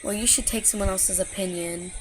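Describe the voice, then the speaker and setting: A woman voicing a rude, smug young male store clerk in a low, muttered, dismissive tone. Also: fairly even intonation, a little fast, over music, natural voice, rough recording. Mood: sneering.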